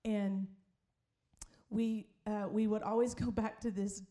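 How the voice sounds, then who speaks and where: A woman pastor tells a story from the pulpit. She is lively and quick to laugh, and her voice stays at a middle pitch. She slips into other people's voices as she goes. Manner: animated, laughing, acts out voices in stories. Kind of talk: sermon storytelling.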